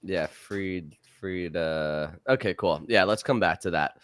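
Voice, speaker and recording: A young man co-hosting a podcast, chatting casually in an energetic, playful way. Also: low-pitched, takes it slowly. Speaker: podcast co-host.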